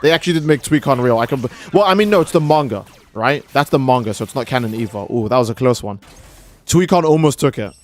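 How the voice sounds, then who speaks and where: A man's voice: medium pitch, lively intonation, fast. A young man streaming a game, rambling and joking with profanity in casual commentary. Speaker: gaming streamer.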